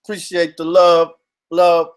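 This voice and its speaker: A man's voice: on the high side, monotone, a little slow, clear, resonant tone. A young man hosting a casual live stream, talking in loose slang, laughing often and greeting viewers as they join.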